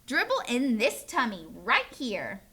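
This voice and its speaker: A gleeful toddler boy, as a woman reading aloud puts him on, chanting in babyish broken words with a sing-song lilt. His voice sits high and bounces around, with a gravelly catch at the bottom. A cheeky little storybook rascal. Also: huge pitch swings, slow, pushed and bright, full character voice.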